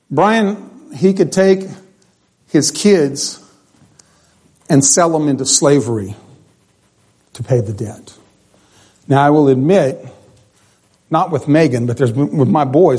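A man's voice: high voice, darkish tone. A middle-aged man, a pastor, preaching a sermon in a conversational, joking way that repeats phrases.

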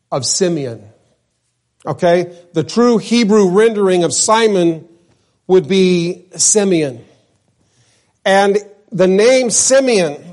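A male pastor from New Mexico preaches in an unhurried, drawn-out way. His voice sits on the high side for a man. He pauses to put questions to the congregation as he explains his point. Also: a little mellow. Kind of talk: sermon.

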